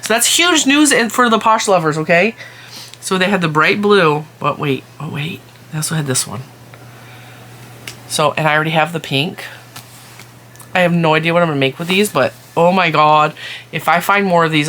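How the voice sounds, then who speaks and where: A woman's voice: low voice, fairly bright tone, a little hiss or hum. Chatty woman gushing over yarn. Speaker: crochet and yarn vlogger. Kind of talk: casual show-and-tell vlog.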